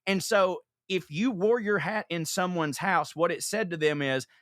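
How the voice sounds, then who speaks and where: A man hosting a podcast, telling profane, animated comic stories in casual chat. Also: high voice, normal speed, no echo, studio quality. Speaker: podcast host.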